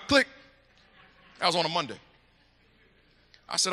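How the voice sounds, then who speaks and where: A middle-aged man telling a story from the pulpit in a church, emphatic and animated, swinging to hushed asides. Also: sits high, brisk, pauses often. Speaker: church speaker. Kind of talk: storytelling sermon. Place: church sanctuary. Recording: echoey hall.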